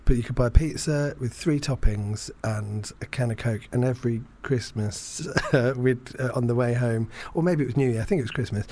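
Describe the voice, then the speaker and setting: Man in his thirties, mid-pitched, rambling anecdote delivery with loose fillers and self-mockery. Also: normal speed, hardly any pauses, mellow. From England. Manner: rambling, self-deprecating, many fillers and restarts. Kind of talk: casual chat, anecdote.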